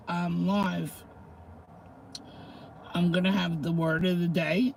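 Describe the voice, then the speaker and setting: A man's voice: high voice, flat delivery, takes it slowly, gravelly, a little hiss or hum, rough recording. A middle-aged man hosting a casual livestream, chatting with viewers, greeting them by name and reading slang terms aloud. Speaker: livestream host.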